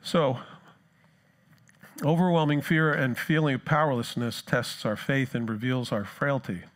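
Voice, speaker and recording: A man's voice: medium pitch, steady tone, a little slow. A man from New Jersey with a New Jersey accent, preaching a sermon in a conversational, self-deprecating way and acting out the disciples' cries. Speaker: pastor.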